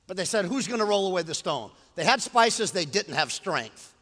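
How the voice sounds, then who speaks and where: Middle-aged male pastor; animated sermon delivery, bright high voice, echoing hall. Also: normal speed. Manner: animated, swinging from quiet storytelling to loud preaching.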